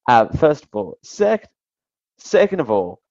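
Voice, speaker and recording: A male radio host talks through political news in a loose, sarcastic way, with a gravelly edge to his voice. The sound is dry and a little dull, like a lo-fi broadcast feed. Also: mid-range voice, very animated, a little slow, a little mellow, no room sound. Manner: wry, sarcastic asides with chuckles. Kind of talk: casual political commentary.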